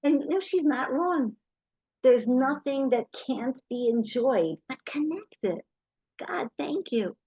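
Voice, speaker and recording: A middle-aged woman with a high, breathy-edged voice tells an audience lively anecdotes slowly, taking on the voices of the people she describes. The recording is dry, and the highs are cut off.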